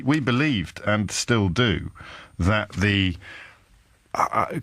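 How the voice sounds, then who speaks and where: Deep-voiced sardonic radio host, dry studio. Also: male voice, fairly bright tone, no room sound. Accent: Kidderminster. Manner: emphatic, sardonic, deliberate pauses. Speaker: radio talk show host. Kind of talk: live radio monologue. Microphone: studio microphone.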